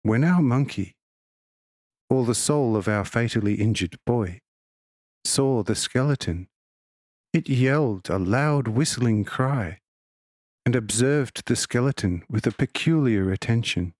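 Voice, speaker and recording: Man reading religious audiobook, even measured pace, mid voice, dead dry sound. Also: medium pitch, no echo. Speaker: audiobook reader. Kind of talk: audiobook narration of a religious text.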